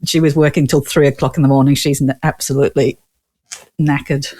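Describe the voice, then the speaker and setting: A woman's voice: sits low, level tone, fairly quick, mellow. Woman, northern English accent, guest, chatty, laughs often, rambling stories. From Newcastle, England. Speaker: guest, ghost tour owner. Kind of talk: casual interview chat.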